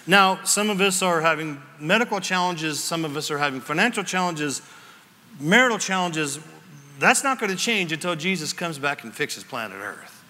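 Animated pastor preaching in a hall. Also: male voice, a little high, moderate pace. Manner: animated storytelling, shifting from shouts to whispers. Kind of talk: sermon. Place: church sanctuary. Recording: long reverb of a large hall.

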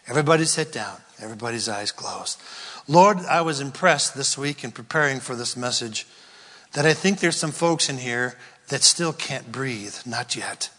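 A male pastor preaching a sermon, emphatic and swinging between loud declarations and hushed whispers. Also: mid-range voice, animated, normal speed, long reverb tail.

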